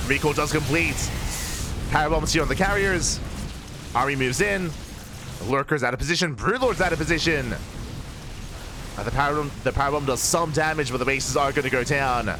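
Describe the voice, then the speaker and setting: A man casting a live strategy game match, calm in his play-by-play and bursting with excitement when the fights break out. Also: medium pitch, a little fast, pauses often, background noise. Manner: excitable, rising sharply in big moments. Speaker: esports caster.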